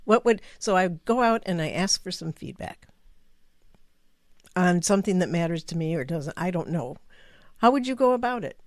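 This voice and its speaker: A woman's voice: on the low side, lively intonation, normal speed, pauses often, no room sound, clean studio sound. A woman co-hosting a podcast, asking curious questions in casual conversation. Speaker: podcast co-host.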